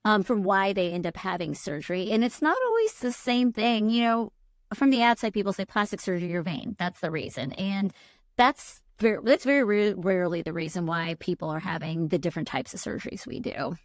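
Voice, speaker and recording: A woman plastic surgeon hosts a casual podcast chat, her voice mid-pitched. She tells patient stories in a reflective way with plenty of fillers. The recording is close and dry. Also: animated, a little fast, no echo. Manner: warm, reflective storytelling with frequent fillers.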